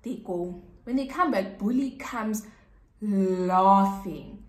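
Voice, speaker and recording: Speaking slowly with lively intonation, this medium-pitched woman is a South African YouTuber sharing a relaxed storytime. She's chatty and leans on repeated words for emphasis, recorded in an echoey room.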